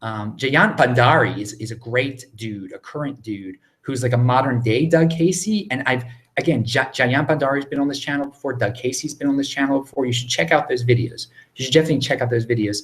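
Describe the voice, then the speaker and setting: A man in his thirties from Baltimore, hosting a casual live Q&A at home, rambling and excitable with many restarts. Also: mid-range voice, a little fast. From Baltimore, USA. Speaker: livestream host answering viewer questions. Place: home, indoors.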